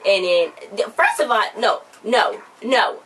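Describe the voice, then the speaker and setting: A woman in casual chat, animatedly recapping a TV episode and acting out the characters in a lower voice. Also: lively intonation, measured pace, a bit bright. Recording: distant mic with faint background noise.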